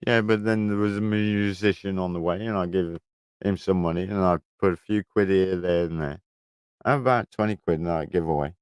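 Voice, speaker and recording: A man's voice: deep voice, steady tone, a little fast, clean tone, dry recording. A man, chatting casually on a livestream from his shed, telling rambling stories full of swearing. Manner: rambling storytelling, heavy swearing. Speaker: livestream host. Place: garden shed.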